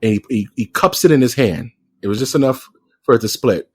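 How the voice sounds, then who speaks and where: A man's voice: medium pitch, brisk, slightly rough. A man co-hosting a podcast in loose, joking casual chat, with many restarts. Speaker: podcast co-host.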